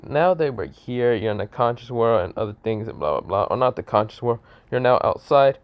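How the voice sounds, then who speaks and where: A man playing a loud, crude young dragon spirit. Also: medium pitch, animated, brisk, highs cut off, natural voice. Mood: brash. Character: brash young male dragon spirit in a gauntlet.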